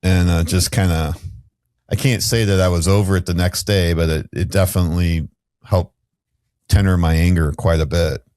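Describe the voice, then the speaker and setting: Male podcast host, very low voice, dry close recording, blunt storyteller. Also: fairly even intonation, moderate pace, a little mellow, no echo. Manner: candid storytelling, casual and blunt. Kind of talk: podcast conversation.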